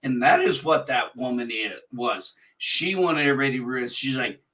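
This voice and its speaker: A man's voice: mid-range voice, expressive, moderate pace, bright, forceful tone, recorded from a distance. A man co-hosting a casual movie chat, rambling with lots of fillers and laughing easily. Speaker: movie review podcast co-host.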